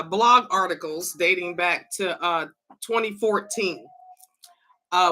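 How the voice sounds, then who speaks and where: A woman hosting a casual livestream. Her voice is hoarse and cracking. She eagerly calls viewers to join in and talks haltingly, with many fillers. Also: on the low side, bright, forceful tone. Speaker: livestream host.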